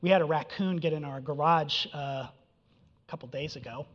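A man's voice: a little high, normal speed. A man preaching a sermon in a conversational way, often checking in with "right?" and "okay?". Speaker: pastor. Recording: dull sound with long reverb in a hall.

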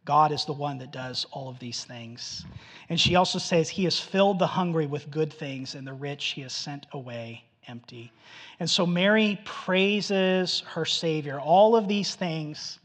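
A man preaching a sermon in an animated storytelling manner, acting out the voices of the people he quotes. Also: a little high, unhurried, long reverb tail. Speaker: pastor.

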